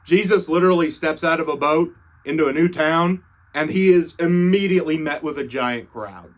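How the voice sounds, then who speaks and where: A man's voice: a little high, moderate pace. A young man irreverently retelling scripture as comedy, slangy and swearing casually. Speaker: comedic storyteller.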